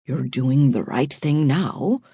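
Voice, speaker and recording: A woman's voice: rumbling low, slow pace, dark tone, breathy edge, dry recording, heavily acted. A woman voicing a shaken male priest in an audiobook, speaking nervously while trying to sound reassuring. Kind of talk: audiobook character voice.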